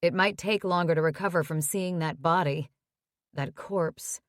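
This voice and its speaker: A woman narrating a romance audiobook in a measured, even reading. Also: fairly low pitch, no room sound, clean studio sound.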